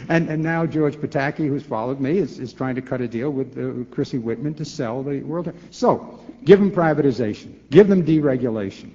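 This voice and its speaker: A man in his sixties, a former governor, answering a question at a forum with animated, rhetorical talk, acting out both sides of dialogues and repeating words as he restarts. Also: a little high, brisk. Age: 60s. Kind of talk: lecture-hall Q&A answer. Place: large lecture hall. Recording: echoey hall, dull lo-fi tape.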